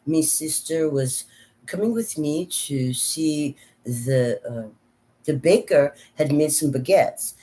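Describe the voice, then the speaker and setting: A woman's voice: low-pitched, voice pushed up, full character voice, poor audio. A woman doing a put-on French accent, playing a chatty Frenchwoman rambling through a story about bread and butter. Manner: rambling, animated storytelling with many restarts.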